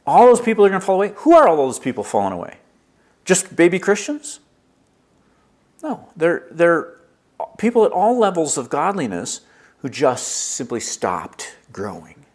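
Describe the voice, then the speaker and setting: A man preaching a sermon, lively and storytelling, acting out little dialogues as he explains a passage. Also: on the high side, normal speed. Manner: lively preaching, acts out dialogue with God in his stories. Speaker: pastor.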